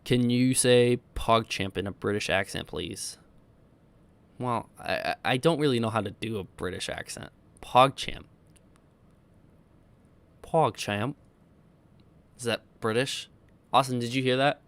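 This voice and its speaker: A man's voice: medium pitch, normal speed, gravelly, clean tone. A man in his twenties from Iowa, rambling and correcting himself as he casually answers viewer questions on a stream. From Iowa, United States. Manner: rambling, self-correcting, easygoing. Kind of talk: casual livestream Q&A chat.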